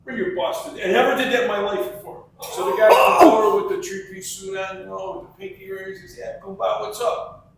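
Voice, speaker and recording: A man telling an animated anecdote and acting out the voices of the people in it. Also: sits high, fast talker, vocal fry, hardly any pauses, background noise. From Chicago. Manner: acts out the voices in his story. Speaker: restaurant customer. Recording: echoey room, far from mic.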